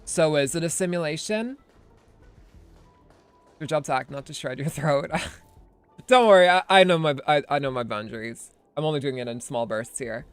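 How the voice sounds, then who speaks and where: A man streaming as a voice actor, making excitable, swearing asides between game lines. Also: fairly high pitch, normal speed, long pauses, smooth, dry recording, faint music behind. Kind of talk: casual live-stream commentary.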